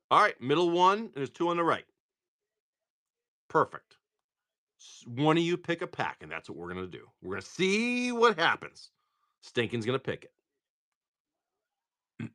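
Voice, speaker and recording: A man's voice: fairly high pitch, big pitch swings, moderate pace, pauses often, pushed and bright. A man hosting a live card-break stream, chatting casually and rambling, with frequent restarts.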